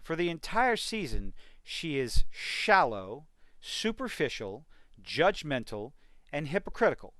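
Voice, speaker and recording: A man's voice: on the high side, big pitch swings, unhurried, a bit bright, dry recording. A man giving an exasperated, sarcastic rant in a video review of a TV series. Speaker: TV review vlogger.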